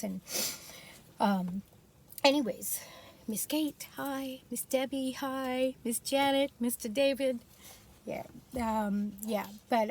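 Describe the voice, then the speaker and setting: A woman's voice: medium pitch, a little mellow, low-quality recording. A middle-aged woman with an Indian accent talking casually about a favorite book, rambling through fillers and tangents. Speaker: book vlogger. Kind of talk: casual chat.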